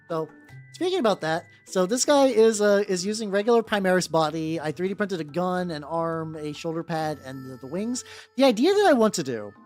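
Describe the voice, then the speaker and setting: A VTuber streamer talks casually while painting, rambling from thought to thought with plenty of swearing and false starts. The pitch swings lively and expressive throughout. Quiet music plays faintly underneath. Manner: rambling and profane, many fillers and restarts. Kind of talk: casual live-stream chat while working. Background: faint background music.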